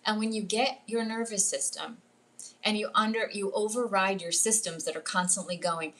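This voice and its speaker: On a livestream from her jungle-retreat home, a middle-aged spiritual coach talks in a medium-pitched, pushed and bright voice at a moderate pace. She's chatty, uses "like" a lot and acts out quoted voices.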